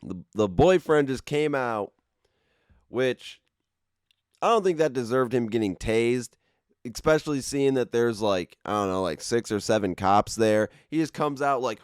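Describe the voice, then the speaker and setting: A man's voice: medium pitch, animated, measured pace, clean tone, dry recording. A man giving casual reaction commentary on a video, talking animatedly with frequent swearing, laughs and stammered restarts.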